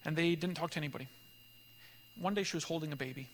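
A man leading a church group, telling a story in a lively conversational way and acting out the voices of people in it. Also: on the high side, fast talker, in a large hall, a little hiss or hum. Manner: animated storyteller, acts out dialogue, laughs often. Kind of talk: conversational teaching talk with storytelling.

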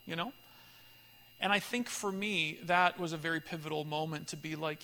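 A man leading a church group, telling a story in a lively conversational way and acting out the voices of people in it. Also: on the high side, fairly quick, in a large hall. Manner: animated storyteller, acts out dialogue, laughs often. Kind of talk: conversational teaching talk with storytelling.

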